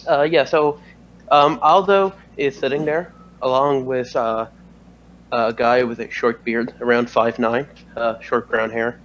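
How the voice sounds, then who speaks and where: A man's voice: mid-range voice, fairly even intonation, unhurried, fairly bright tone, lo-fi sound, slight background noise. A man narrating as game master of a tabletop game, hesitant and full of fillers.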